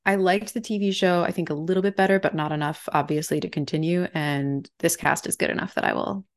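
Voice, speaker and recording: A woman's voice: fairly low pitch, steady tone, a little fast. A young woman co-hosting a podcast, chatting casually in an upbeat way with frequent laughs. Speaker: podcast co-host. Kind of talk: casual chat.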